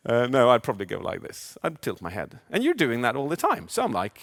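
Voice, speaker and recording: A man speaking as a communication coach in a live keynote, animated, asking the audience questions and acting out inner voices. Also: medium pitch, brisk, creaky, hardly any pauses. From Sweden. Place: large event hall. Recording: long hall reverb.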